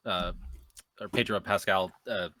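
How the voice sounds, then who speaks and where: Bright-voiced man in his thirties. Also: deep voice, unhurried. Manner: relaxed, hesitant with "uh" and "um". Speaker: podcast host reading news. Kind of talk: casual chat.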